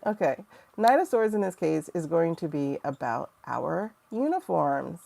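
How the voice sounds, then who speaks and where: Woman, 40s, livestream tarot reader. Low, gravelly voice; chatty and rambling, emotional. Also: darkish tone. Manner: chatty, rambling and emotional, reacting to chat comments. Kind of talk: casual livestream talk with tarot reading.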